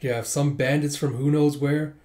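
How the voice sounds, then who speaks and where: A man's voice: fairly high pitch, steady tone, normal speed, mellow. Brief: man, casual read-aloud narrator, conversational, fillers. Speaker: manga reader and narrator.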